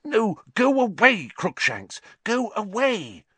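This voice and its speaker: A man's voice: high-pitched, sing-song, moderate pace, sharp tone, husky, dry recording, voice pushed up, heavily acted. A man voicing an anxious, bossy teenage girl witch in an audiobook, urgent and breathless. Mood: panicked.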